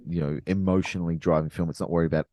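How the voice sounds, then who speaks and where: A man's voice: low voice, steady tone, rapid-fire, mellow, dry recording. A man co-hosting a podcast, chatting about films and building long, emphatic arguments. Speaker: podcast co-host. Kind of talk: casual film chat.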